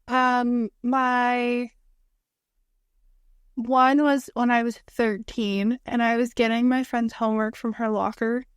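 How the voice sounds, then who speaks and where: A young woman with a fairly high voice chats easily on a podcast. She asks her co-host questions and then tells her own side, all close and dry. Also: little pitch movement, slow pace, clear, resonant tone, dry recording. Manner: easygoing, asks interviewer-style questions. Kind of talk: casual chat.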